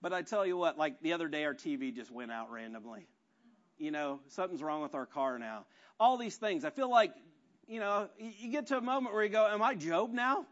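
A man's voice: fairly high pitch, animated, brisk, dull audio. A man preaching a conversational, self-deprecating sermon full of rhetorical questions. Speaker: pastor.

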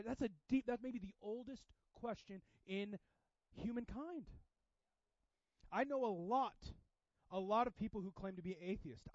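A man preaches with a high, lively voice, pushing some lines hard and dropping others to a hush. The recording is dry and a little dull. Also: no echo. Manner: animated, swings from loud emphasis to quiet intensity. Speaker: pastor. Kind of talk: sermon.

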